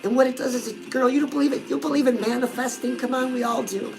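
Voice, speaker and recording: A woman with a notably high voice talks in a chatty, sassy coaching tone on a comedic live show, calling her listener "girl" again and again. Clear music plays under her voice throughout. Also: steady tone, quick pace, poor audio. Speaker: self-help show host.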